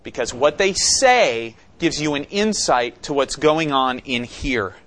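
A man's voice: medium pitch, animated, slow pace, fairly bright tone. A man preaching an expository sermon, teaching conversationally and asking questions of the congregation. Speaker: pastor.

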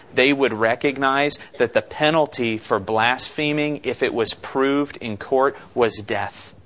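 A man preaching an expository sermon, slow and deliberate, with dramatic pauses and rhetorical questions. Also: mid-range voice, a bit bright. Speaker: pastor.

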